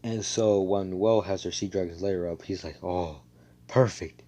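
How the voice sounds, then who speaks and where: A man's voice: low voice, fairly even intonation, moderate pace, warm tone. A man casually telling an improvised fan story over a voice call, rambling and profane, full of fillers and self-corrections. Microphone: computer mic on a voice call.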